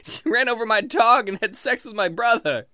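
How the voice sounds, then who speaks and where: A man performing a stand-up routine with animated, self-mocking storytelling. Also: extremely high pitch, normal speed, dry recording, clean studio sound. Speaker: stand-up comedian.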